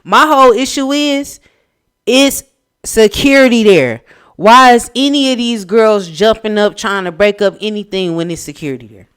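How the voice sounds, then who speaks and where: A woman co-hosting a casual reality TV recap podcast, speaking in with a blunt, opinionated, animated manner. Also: fairly high pitch, moderate pace, clean tone. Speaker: podcast co-host.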